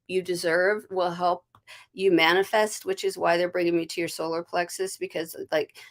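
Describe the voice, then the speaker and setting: An American woman hosting a live stream, giving a card and intuitive reading in a gentle, flowing way with many restarts and soft laughs. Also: lowish voice, flat delivery, moderate pace. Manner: greets viewers warmly by name.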